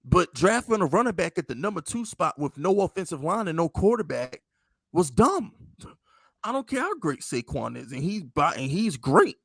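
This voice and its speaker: A man's voice: fairly high pitch, very animated, moderate pace, a bit bright, dry recording. A man co-hosting a sports podcast in casual chat, blunt, profane and opinionated. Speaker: podcast co-host.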